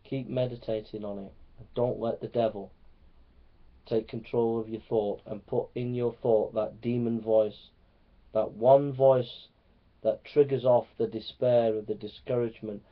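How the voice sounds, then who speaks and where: A man's voice: mid-range voice, level tone, unhurried. Earnest man preaching, lo-fi recording. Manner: earnest, repetitive, swinging from loud to hushed. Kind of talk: sermon to preachers. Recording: dull lo-fi recording.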